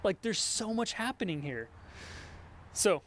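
High-voiced guy preaching, animated, acts out little conversations, lots of restarts, faint hiss. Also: a little slow. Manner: animated, acts out imagined dialogue with many restarts. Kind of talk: sermon.

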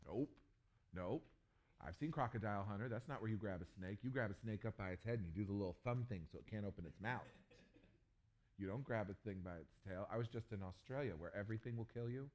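A man preaching a sermon, telling stories with humor and jumping to loud, animated bursts. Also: lowish voice. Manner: animated storytelling with jokes and sudden loud bursts. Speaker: pastor.

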